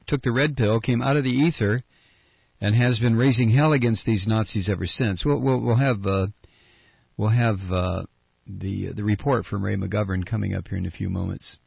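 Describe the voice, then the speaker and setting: Sarcastic male radio host on a lo-fi, dry recording, with a husky edge and dull sound. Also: lowish voice, no room sound. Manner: sarcastic, ranting, reads news aloud. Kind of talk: opinionated talk radio monologue.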